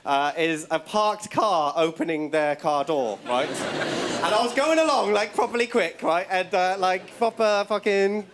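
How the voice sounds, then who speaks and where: A young man performing a stand-up set in a comedy club, telling stories in an excitable, rambling way and tagging lines with "right?". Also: sits high, a little slow. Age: young adult. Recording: loud live crowd and club noise.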